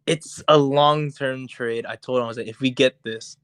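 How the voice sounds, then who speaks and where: A young man co-hosting a podcast, telling a story in a casual, animated, profane way and acting out what people said. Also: mid-range voice, moderate pace, smooth, no echo. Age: young adult. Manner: animated, profane, acts out quotes. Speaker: podcast co-host. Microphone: podcast mic on voice chat.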